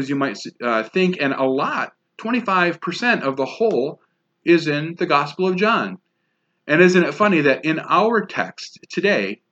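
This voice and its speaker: A pastor preaching a sermon, stressing key words by repeating them, with emphatic phrasing. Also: male voice, medium pitch, fairly bright tone. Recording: dull lo-fi sound.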